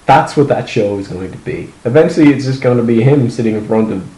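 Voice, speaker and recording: Man, podcast co-host, casual joking chat, lively up-and-down pitch, echoey room. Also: quick pace. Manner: jokey, laughs often, playful exaggeration.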